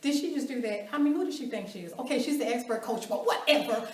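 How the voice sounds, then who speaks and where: A woman giving a storytelling motivational talk at an event, animated, acting out the voices she quotes and laughing along. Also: on the high side, fast, few pauses. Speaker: motivational speaker. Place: event hall. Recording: roomy hall, mic at a distance.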